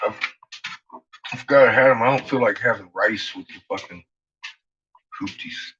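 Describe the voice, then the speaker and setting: In his home kitchen, a man films a casual cooking vlog at a moderate pace, swearing and rambling to his dogs. Whenever he addresses them his voice shoots up high and excited. The lo-fi recording sounds dull, with loud background noise.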